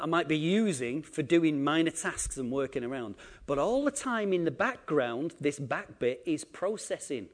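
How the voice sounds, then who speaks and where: A man preaching a sermon, acting out quotes and swinging between loud emphasis and quiet asides. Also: fairly high pitch, animated, normal speed. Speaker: pastor.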